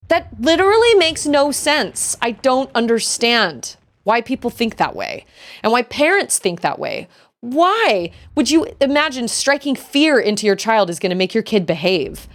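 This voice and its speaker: A young adult woman streaming a video game, chatting in an animated, indignant way. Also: medium pitch. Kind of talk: live game stream commentary.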